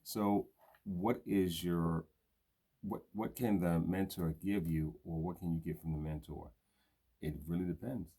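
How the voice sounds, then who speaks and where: Older Brooklyn man, very deep voice, New York accent, casual slangy live-stream host. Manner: streetwise slang, shouts out viewers by name. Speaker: host of a live video show.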